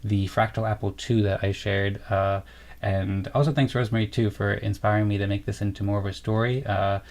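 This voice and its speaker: A young man co-hosts a casual livestream in a low, gravelly voice. His delivery is flat and meandering, full of fillers and restarts as he reads chat comments and rambles on. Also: a little fast. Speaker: co-host of a livestream.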